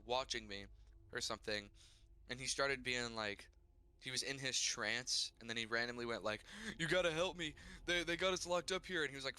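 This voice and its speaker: A man's voice: mid-range voice, pushed and bright, clean tone. A man recapping his character's adventure in a tabletop game, in a rambling, casual way full of "like" and restarts. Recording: faint music behind.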